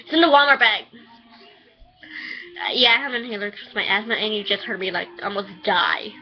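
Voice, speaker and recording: A woman rambling casually through a review, chatty and quick to swear. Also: medium pitch, lively intonation. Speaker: anime reviewer. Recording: dull lo-fi home recording.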